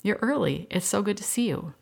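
A woman's voice: mid-range voice, animated, a little fast, vocal fry, husky, voice pushed up, full character voice. A woman voicing a kind father home from work, mild and pleased.

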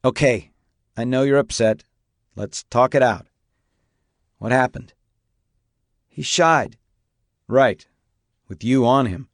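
A man's voice: mid-range voice, slow pace, pauses often, dry recording. Guy reading as an old horse trainer, stern but caring, plainspoken, dry close sound. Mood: patient, firm. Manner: barks commands, then calm and plainspoken.

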